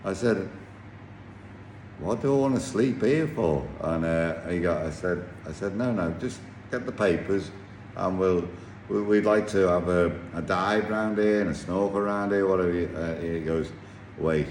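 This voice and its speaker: A man telling a casual anecdote about his sailing trip, halting and full of restarts. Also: low-pitched. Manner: rambling, halting storyteller with many restarts. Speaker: yacht captain telling a story. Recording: echoey room with faint noise.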